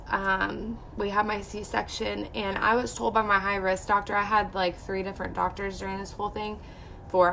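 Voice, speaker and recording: Her medium-pitched voice comes across pushed and bright over a faint hiss or hum. A young woman vlogger tells her viewers a personal story, emotional and candid, with "like" in nearly every phrase.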